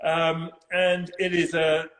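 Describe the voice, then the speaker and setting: Bright high-voiced English man hosting. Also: monotone, slow pace. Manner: playful, teasing, laughs often. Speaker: host. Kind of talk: casual live-stream chat. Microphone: video call.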